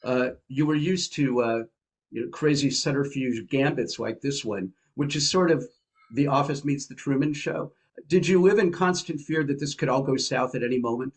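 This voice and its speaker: A man hosts an interview, asking long, winding questions with a wry edge. His voice sits at an ordinary middle pitch for a man. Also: moderate pace. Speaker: host.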